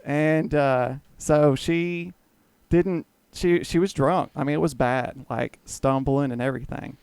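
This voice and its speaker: A man's voice: fairly high pitch, fairly even intonation, takes it slowly, a little mellow, clean tone, dry recording. A man casually telling a long story on a podcast, swearing freely and acting out what others said. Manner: rambling, profane, acts out quoted dialogue. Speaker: guest storyteller.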